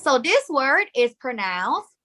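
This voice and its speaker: A woman's voice: sits high, big pitch swings, measured pace, bright, forceful tone. A woman with a Thai accent teaching a live online lesson, explaining step by step and dropping Thai particles into her English.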